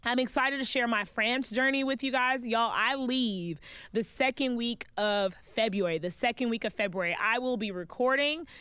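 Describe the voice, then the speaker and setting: A woman's voice: fairly high pitch, moderate pace, sharp tone, clean tone, no echo. Chatty woman podcast host, dry sound. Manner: chatty, playful, addresses listeners as babes and y'all. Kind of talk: casual solo podcast chat.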